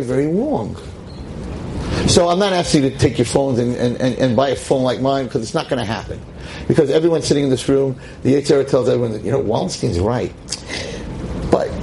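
A man teaching a lively class to a seated audience as a rabbi, emphatic and exclamatory. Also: background noise. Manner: emphatic, exclamatory, with sudden swings in pitch.

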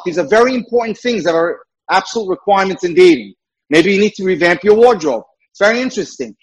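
Husky, earnest male dating mentor. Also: on the high side, low-quality recording. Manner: earnest, emphatic, repeats key points. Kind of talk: lecture-style talk.

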